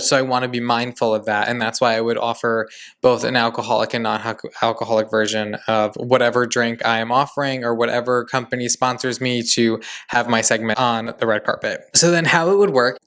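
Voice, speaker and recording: Young man, podcast host, casual gushing recap, smooth clear voice, mid pitch. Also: a bit bright. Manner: chatty and gushing, acts out dialogue in quotes.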